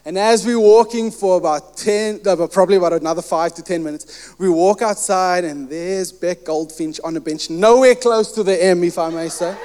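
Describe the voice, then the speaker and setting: Male preacher, high and smooth, animated storyteller who voices the dialogue, long hall reverb. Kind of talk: sermon with personal storytelling.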